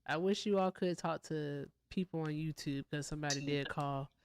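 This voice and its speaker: A woman's voice: sits low, moderate pace, clean tone. Woman hosting a casual live stream. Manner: warm, thanks viewers, tired.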